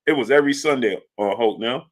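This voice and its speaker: A man hosting a casual sports live stream, telling loose stories and shouting out viewers in the chat by name. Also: mid-range voice, a little fast. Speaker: livestream sports show host.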